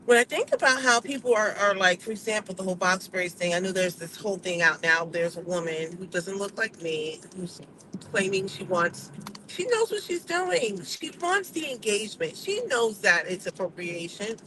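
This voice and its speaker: A woman vlogger talking casually to camera, giving her opinions in an animated, emphatic and sassy way. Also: mid-range voice, normal speed, noisy background.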